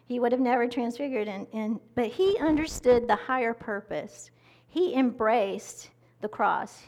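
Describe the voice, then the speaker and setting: Woman, pastor, sermon, slightly high voice, gravelly, close mic, conversational. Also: measured pace. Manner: conversational, animated teaching with acted-out quotes. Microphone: mic held close to the mouth.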